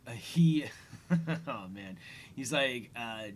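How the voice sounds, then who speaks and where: A man's voice: mid-range voice, takes it slowly, a little hiss or hum. A man hosting a casual commentary podcast, retelling an episode with lots of fillers and quoted lines. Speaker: podcast host.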